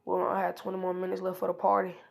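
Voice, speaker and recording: Brief: casual storyteller, woman, gravelly fry, rambling and hesitant. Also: on the low side, monotone, rapid-fire. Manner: rambling, strings events with "and then he was like"; frequent hesitation fillers. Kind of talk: casual improvised fan-fiction retelling.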